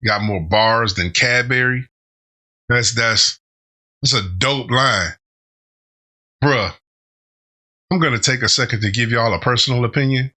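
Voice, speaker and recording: Bright-voiced man laughing through reactions. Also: mid-range voice, measured pace, pauses often. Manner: laughs often, rambling tangents. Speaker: reaction channel host. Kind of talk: casual reaction commentary.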